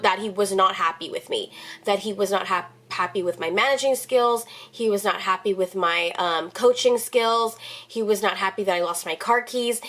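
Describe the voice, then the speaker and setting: Young woman rambling through a story. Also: mid-range voice. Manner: rambling, many fillers and restarts, emotional retelling. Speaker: vlogger. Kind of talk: casual storytime chat to camera.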